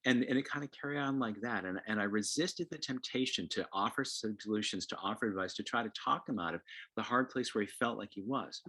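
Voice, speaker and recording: Animated, husky-voiced male presenter. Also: medium pitch, a little fast. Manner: animated, acts out quotes, repeats words. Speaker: co-presenter on parenting. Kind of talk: lively parenting talk.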